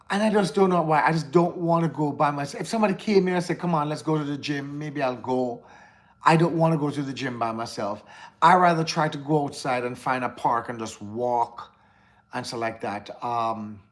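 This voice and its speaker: Hosting a laid-back livestream, a Jamaican-accented man with a voice on the high side talks openly with his audience. He responds to chat messages and frequently says things more than once.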